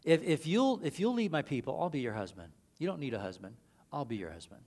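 A man voicing Jesus as a calm, gentle speaker in a hushed, low tone. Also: fast talker. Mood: tender.

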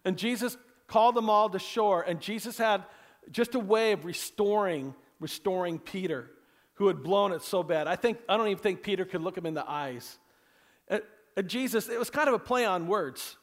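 A man's voice: high-pitched, normal speed. A man preaching a casual, conversational sermon to a congregation, rambling and folksy, full of asides and jokes. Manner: folksy, rambling, leans on "you know", cracks jokes. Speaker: pastor.

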